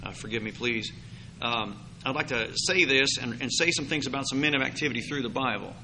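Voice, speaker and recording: Preaching to a congregation in church, a man moves from quiet talk to loud, emphatic preaching. His throat sounds sore and scratchy, and his medium-pitched voice runs a little fast.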